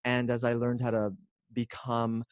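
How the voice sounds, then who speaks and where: A man in his forties, a guest on an interview show, talking in an expressive, playful way with drawn-out phrasing. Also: mid-range voice, clean tone, dry recording. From Canada. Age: 40s. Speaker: guest, speaker and coach. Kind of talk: casual interview chat.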